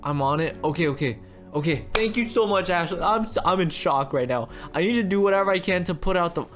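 A man giving excited, jokey commentary while role-playing in a game. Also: high voice, fast, faint music behind. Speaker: gaming YouTuber.

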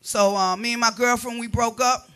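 A woman performing stand-up comedy on a club stage, telling animated stories that break into shrieks and laughter. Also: on the high side, moderate pace, soft background music.

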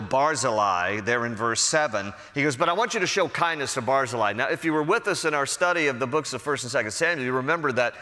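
A man's voice: on the high side, pushed and bright. A man with an American accent, a pastor preaching a conversational sermon who acts out the characters' lines. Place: large church sanctuary. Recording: long hall reverb.

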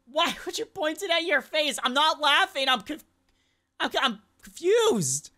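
A woman's voice: high voice, normal speed. A young woman hosting a reaction video, chatting casually and exclaiming at funny clips. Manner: animated, exclaiming and questioning clips.

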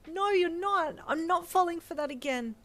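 A woman voicing a frightened young heroine who shouts high and shaky, close to tears, in a story reading. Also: animated, moderate pace. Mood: panicked.

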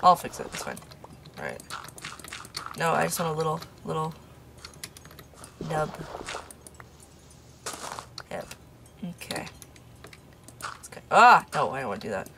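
A young woman giving casual let's play commentary from a room in her parents' home, rambling and mocking herself, with quiet asides muttered under her breath. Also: low voice, big pitch swings, unhurried, vocal fry, pauses often, noisy background. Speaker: YouTuber playing a game.

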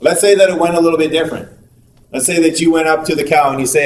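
A man's voice: on the high side, fairly even intonation. Man lecturing in an echoey classroom. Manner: conversational, acts out little dialogues with quick asides. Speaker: university lecturer. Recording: echoey room, picked up from a distance with faint noise.

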